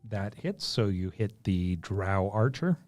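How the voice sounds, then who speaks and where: A man acting as game master in a tabletop game, calmly giving rulings and describing what happens. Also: lowish voice, slow.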